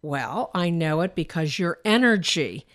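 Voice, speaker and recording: A woman guest explains her work on a talk show, confident and earnest. Her voice sits low for a woman. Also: expressive, unhurried. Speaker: aura reader guest. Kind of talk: interview explaining.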